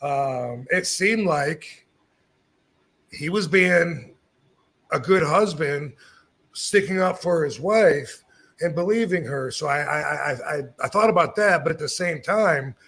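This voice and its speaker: Gravelly, husky man telling a story. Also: fairly high pitch, slow pace. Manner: animated, acts out quoted lines, swears freely. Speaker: podcast host telling a story. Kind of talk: casual storytelling.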